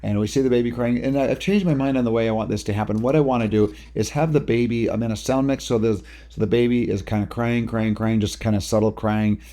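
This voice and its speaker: A man talking through video editing steps in a casual software tutorial, explaining each click as he goes. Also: mid-range voice, steady tone, fast talker. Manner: casual, talks through each step while working. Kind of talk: screen-recorded software tutorial.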